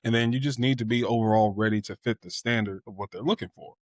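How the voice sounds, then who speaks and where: A mid-range voice, fast and casual: a man in his twenties candidly recounts a personal story for a podcast, reflective and filling gaps with "you know." It's recorded clean in a studio with no echo.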